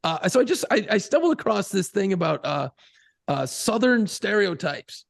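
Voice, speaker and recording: A podcast co-host from Buffalo, New York, this man trades casual, profane, rambling banter and laughs a lot. His gravelly voice sits high with big pitch swings, at a moderate pace, recorded with no echo.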